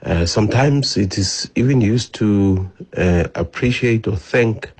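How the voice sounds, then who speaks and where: A man leaves a voice note for a radio show, patiently explaining a greeting. His voice is very low and husky. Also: a little slow, darkish tone. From South Africa. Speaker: caller leaving a voice note.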